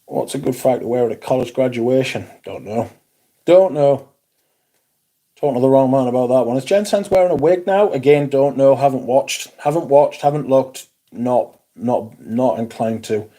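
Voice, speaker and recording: A man's voice: medium pitch, moderate pace, few pauses, warm tone. Sweary Geordie man chatting on a livestream. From Newcastle, England. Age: 40s. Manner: blunt and sweary, with a dry sarcastic edge. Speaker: livestream host. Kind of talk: casual livestream chat reading comments.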